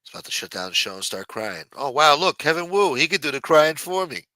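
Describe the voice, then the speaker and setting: Man, livestream host, bright forceful voice, dry close sound, profane jokey banter. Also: a little high, very animated, a little fast, no room sound. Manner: loose, profane, jokey banter reading viewer chats. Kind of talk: casual profane livestream chat.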